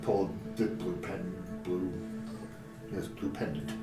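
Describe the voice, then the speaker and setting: A man's voice: sits low, little pitch movement, slow. A man playing a tabletop game in character, talking politely and hesitantly with many restarts. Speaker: player. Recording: roomy sound from a distant mic, music behind.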